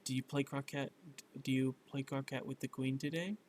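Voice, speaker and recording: A man reading the part of a grinning, teasing cat in a bedtime story, with a slightly louder, stressed delivery. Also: medium pitch, fairly even intonation, normal speed, slight background noise, natural voice.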